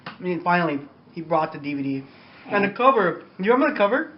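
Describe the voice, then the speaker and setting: A young man hosting a podcast, telling a story in a casual, profane, animated way. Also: high-pitched, quick pace. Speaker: podcast host. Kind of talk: casual chat. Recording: slightly muffled podcast audio with faint noise.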